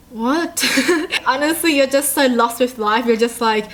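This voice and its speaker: A woman's voice: on the high side, unhurried. A bubbly, giggly young woman from Australia, chatting casually as she reacts to memes. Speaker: YouTube reaction host.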